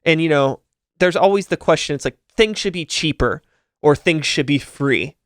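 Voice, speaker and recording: A man's voice: a little high, normal speed, dry recording, clean studio sound. A man from hosting a podcast, talking in a rambling, casual way with lots of fillers. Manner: rambling, filler-heavy, upbeat sing-song outro. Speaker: podcast host. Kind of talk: casual interview chat.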